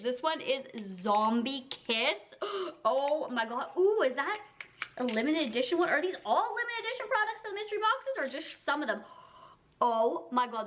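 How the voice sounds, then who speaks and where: A young woman in her twenties excitedly unboxing and trying on makeup at home, gushing and peppering her talk with "like" and "oh my God.". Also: fairly high pitch. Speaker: beauty vlogger. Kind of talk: casual product unboxing. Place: indoor room with colored backdrop.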